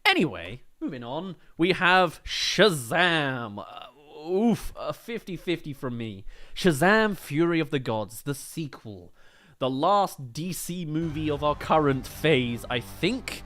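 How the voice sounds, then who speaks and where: Lively British man riffing on livestream. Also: on the high side. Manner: chatty, answers viewer comments with quick jokes. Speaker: movie review livestream host. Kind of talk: casual livestream commentary.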